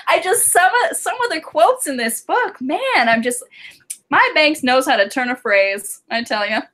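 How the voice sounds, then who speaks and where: A woman's voice: sits high, big pitch swings, measured pace, sharp tone. A woman co-hosting a casual romance book discussion, gushing and laughing often. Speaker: book club co-host.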